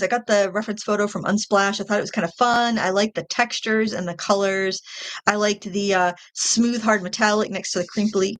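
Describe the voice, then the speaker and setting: Middle-aged woman, casual live-stream art host, meandering and self-correcting, mid-range voice. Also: mid-range voice.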